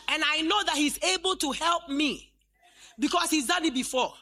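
A woman in her late fifties preaches to a congregation, her voice high and bright. She quotes scripture slowly, then builds to loud, fervent declarations. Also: soft background music. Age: 50s. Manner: fervent preaching, rising to shouts. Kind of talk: sermon. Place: church.

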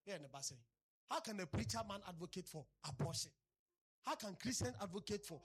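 Talking fast, a man preaches an energetic sermon, climbing to loud outbursts and sinking into low asides. He has a fairly high, somewhat husky voice.

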